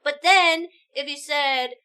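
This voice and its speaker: Bright high-voiced woman chatting. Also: takes it slowly. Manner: chatty, tells personal anecdotes, laughs often. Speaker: streamer co-host. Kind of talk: casual chat reacting to stories.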